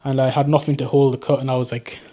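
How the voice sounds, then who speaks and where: Talking casually to camera without a script, this young North East drone vlogger has a Geordie accent drifting southward into southern English. He speaks quickly in a mellow, level, mid-range voice, rambling and teasing himself.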